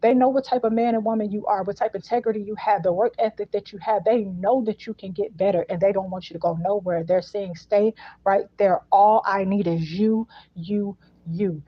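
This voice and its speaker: A woman's voice: mid-range voice, fairly even intonation, quick pace, hardly any pauses, slightly rough, no echo. A woman with giving a casual spiritual message, emphatic and repetitive as she unpacks each phrase. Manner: emphatic and repetitive, with colloquial speech. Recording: dull, dry, lo-fi sound.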